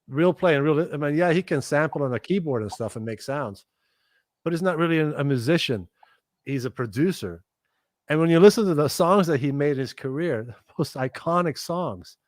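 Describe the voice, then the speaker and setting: Animated man telling stories in a dry voice. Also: medium pitch, no echo. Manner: animated, swears casually, acts out other people's lines. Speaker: guest musician. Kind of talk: casual storytelling chat.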